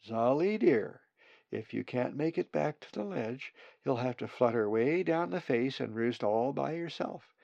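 A man voicing a mother raven who speaks in a gently firm, motherly way. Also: medium pitch, lively intonation, measured pace, vocal fry, no echo, muffled recording.

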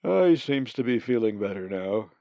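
Man as stuffy deep-voiced raven, gravelly, formal, dull recording. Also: sing-song, moderate pace, dry recording. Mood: formal, stern. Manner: old-fashioned, pompous, booming when angry.

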